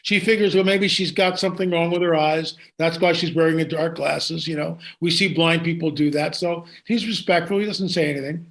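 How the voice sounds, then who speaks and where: High-voiced man telling a story excitedly. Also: a little fast, hardly any pauses. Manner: excited, with frequent restarts and asides. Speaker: guest. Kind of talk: animated storytelling in an interview.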